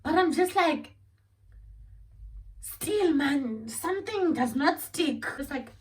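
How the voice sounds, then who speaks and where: Speaking extremely slowly in a high voice, a young South African woman tells a dramatic storytime vlog in a South African accent. The mic is distant. She's animated and dramatic, and her English is sprinkled with Xhosa and Zulu phrases.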